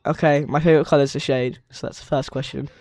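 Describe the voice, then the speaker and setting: A man's voice: a little high, fairly even intonation, quick pace, darkish tone. A young man live-streaming, chatting casually with viewers in a rambling, hesitant way with lots of fillers. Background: faint background music.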